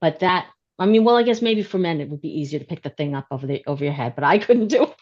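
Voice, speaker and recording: A woman's voice: low voice, expressive, fast. Chatty middle-aged woman, dull lo-fi sound. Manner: chatty, laughs often. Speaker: book club member. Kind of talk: casual book discussion.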